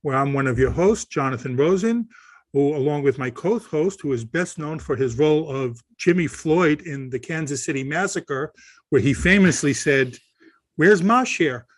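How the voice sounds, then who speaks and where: Give me a man podcast host with a slightly raised pitch, talking loosely in a dry, close recording. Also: lively intonation, normal speed, no room sound. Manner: rambling, restarts sentences. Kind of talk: casual podcast chat.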